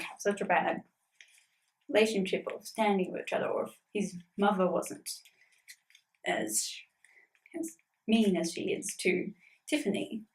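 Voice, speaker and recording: A woman's voice: mid-range voice, darkish tone, low-quality recording. A woman chatting casually in a vlog about a tabletop campaign she plays in, rambling with lots of fillers.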